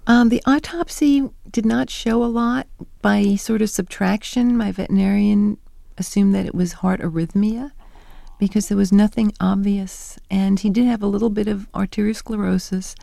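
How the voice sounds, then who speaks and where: A middle-aged woman being interviewed, telling animated stories and acting out quoted lines. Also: mid-range voice, moderate pace, gravelly, no echo. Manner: animated storyteller who acts out quoted lines. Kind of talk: conversational interview.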